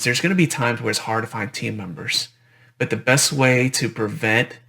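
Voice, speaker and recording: A dentist giving a conversational conference presentation, often repeating phrases and adding "right?" tags. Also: male voice, mid-range voice, a bit bright.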